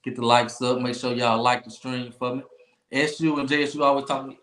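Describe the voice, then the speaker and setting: A man's voice: mid-range voice, fairly even intonation, brisk, echoey room. A man hosting a sports talk livestream, emphatic and repetitive as he trash-talks rivals. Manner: loud, emphatic trash-talk with repeated phrases and laughs. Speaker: podcast host.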